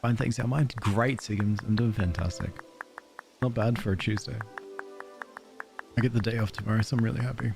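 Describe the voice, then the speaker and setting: A man's voice: on the low side, steady tone, fairly quick, creaky, long pauses, music in the background. A young Australian man with an Australian accent, chatting casually on a game live stream, laughing often and thanking viewers.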